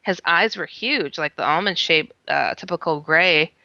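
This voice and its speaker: A woman telling a story in an animated way, laughing often and acting out her own quoted words. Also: on the low side, a little slow, gravelly, dry recording. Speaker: guest. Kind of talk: animated first-person storytelling. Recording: slightly muffled lo-fi sound.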